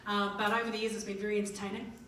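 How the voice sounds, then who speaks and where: A woman's voice: medium pitch, level tone, racing, fairly bright tone, distant mic, a little hiss or hum. Jokey New Zealand woman in an echoey hall. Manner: chatty, jokey, acts out little dialogues. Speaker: conference speaker. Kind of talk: humorous motivational talk. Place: conference hall. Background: audience laughing.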